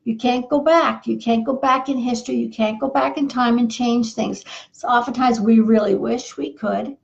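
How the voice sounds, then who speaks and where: A woman's voice: on the high side, steady tone, normal speed, vocal fry. Earnest woman marriage coach, dull recording. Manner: repetitive, earnest, folksy. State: losing her voice. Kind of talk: advice monologue.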